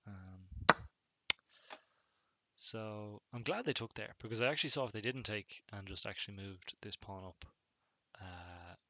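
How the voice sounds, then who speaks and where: A man casually commentating on his own chess game, thinking aloud in a relaxed, musing way. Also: lowish voice, measured pace, no room sound. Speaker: chess streamer.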